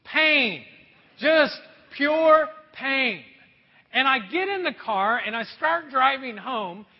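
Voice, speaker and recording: High-voiced pastor preaching in an echoing hall. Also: male voice, takes it slowly, gravelly, breathy edge. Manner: storytelling, animated and self-deprecating. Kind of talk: sermon. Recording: dull sound with long hall reverb.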